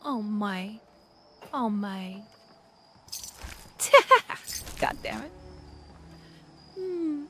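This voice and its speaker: A woman's voice: medium pitch, very animated, very slow, long pauses, a little hiss or hum. A woman streaming a game in casual chat, talking sweetly and playfully to her in-game dog.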